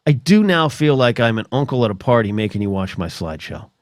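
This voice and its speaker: A man's voice: mid-range voice, sing-song, fast talker, no room sound, clean studio sound. A middle-aged man hosting a solo podcast, telling stories in a rambling, chatty way full of asides. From United States. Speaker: podcast host.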